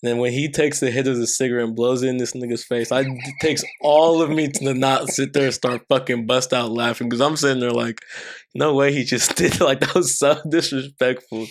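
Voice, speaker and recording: A man's voice: mid-range voice, steady tone, a little fast. Man, podcast co-host, laid-back, laughs often, curses freely, casual chat.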